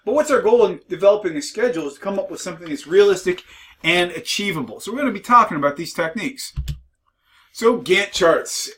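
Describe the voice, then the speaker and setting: A man's voice: fairly high pitch, brisk, a bit bright, recorded from a distance, rough recording. A male instructor giving a recorded lecture, conversational and mildly sarcastic, with frequent restarts.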